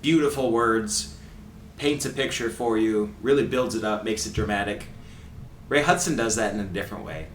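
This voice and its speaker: A man's voice: fairly low pitch, normal speed. A man co-hosting a soccer podcast in a casual, chatty way, laughing often. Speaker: podcast co-host. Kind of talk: casual chat. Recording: roomy echo, distant mic, faint hiss.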